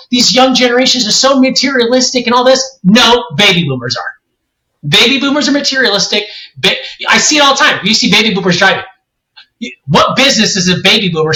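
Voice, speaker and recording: A man's voice: sits high, bright, forceful tone. A man in his forties from California, co-hosting a podcast discussion in a heated, emphatic rant. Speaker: co-host. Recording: roomy echoey room.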